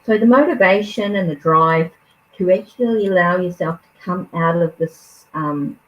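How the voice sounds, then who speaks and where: On a casual live stream, a woman reads tarot cards in a hesitant, musing way, full of fillers and restarts. Her voice sits fairly low and moves at a normal speed. The stream audio is dull and lo-fi, with faint noise.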